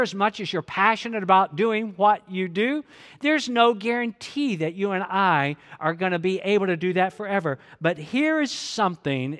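A man's voice: sits high, a bit bright. A male pastor preaching a sermon earnestly, repeating key phrases and leading the congregation to read along. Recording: long hall reverb.

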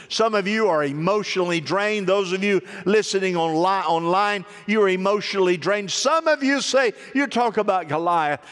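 High-voiced preacher in an echoing church. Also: male voice, a bit bright. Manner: call-and-response preaching, rising exhortation. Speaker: pastor. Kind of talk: sermon. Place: church sanctuary. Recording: long reverb of a church hall.

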